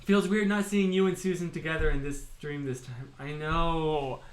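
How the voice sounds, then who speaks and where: A young man hosts a livestream, chatting playfully, reading viewer comments, and answering them with self-deprecating humor. His voice is a little high, with fairly even intonation and a normal speed.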